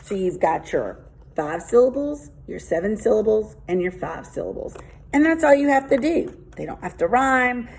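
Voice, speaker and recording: A woman's voice: on the high side, darkish tone, a little hiss or hum, low-quality recording. A woman teacher reading a children's book aloud and patiently explaining it, counting syllables out one by one. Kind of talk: children's read-aloud and lesson.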